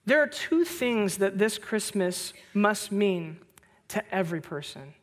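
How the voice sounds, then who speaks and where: Male pastor, sermon delivery, lively storyteller who swings between loud bursts and hushed reflection. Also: unhurried. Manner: animated storytelling, rising loud on anecdotes; drops soft and low on reflective points. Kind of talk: Christmas sermon.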